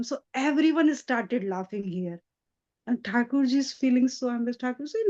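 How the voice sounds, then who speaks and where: A woman giving a devotional lecture, retelling a sacred story in an animated storytelling manner. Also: on the high side, moderate pace, muffled recording. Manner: animated storytelling with frequent restarts. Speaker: spiritual lecturer.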